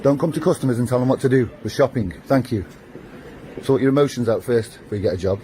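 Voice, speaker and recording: A man's voice: medium pitch, quick pace, mellow, slight background noise. A man lecturing a shop worker in a condescending way. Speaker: shopper.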